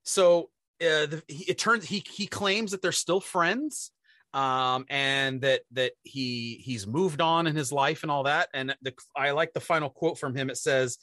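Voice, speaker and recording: A man hosting a comedic radio show, telling stories in a rambling, animated way and slipping into put-on voices. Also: a little high, unhurried, no room sound, studio quality.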